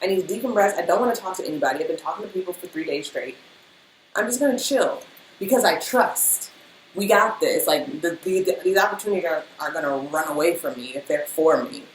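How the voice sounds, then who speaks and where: A woman's voice: fairly low pitch, brisk. Woman, spiritual reader, casual and emotional motivational talk; echoey room with faint noise. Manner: emotional, animated, speaks in rhythm with many fillers.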